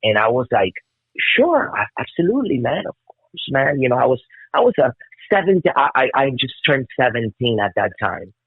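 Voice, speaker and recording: Excitable rambling man on a tinny line. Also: mid-range voice, brisk, slightly rough, no room sound. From Cuba. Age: 50s. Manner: excitable, rambling, swears a lot. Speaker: guest musician. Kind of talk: casual storytelling interview. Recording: tinny phone-like call line.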